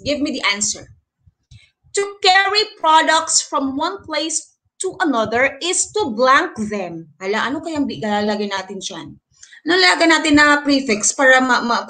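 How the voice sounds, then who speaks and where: Filipino lady teacher doing an online class, bright clear voice, keeps saying okay?. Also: a little high, rough recording. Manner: encouraging, checks in with frequent "okay?". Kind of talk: online lesson, mixing English and Tagalog.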